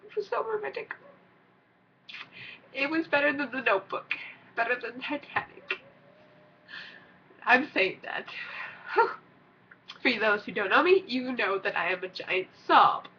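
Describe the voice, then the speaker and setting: A teenage girl vlogging casually, an excitable, rambling fan who gushes and squeals. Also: on the high side, unhurried, long pauses, a little hiss or hum. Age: teens. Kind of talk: gushing casual vlog. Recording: dull lo-fi recording.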